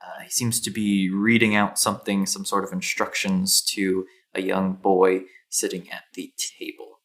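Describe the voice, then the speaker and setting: A man's voice: sits low, completely flat delivery, moderate pace, a bit bright. A man narrating a tabletop fantasy game as game master, hesitant, with many ums and restarts.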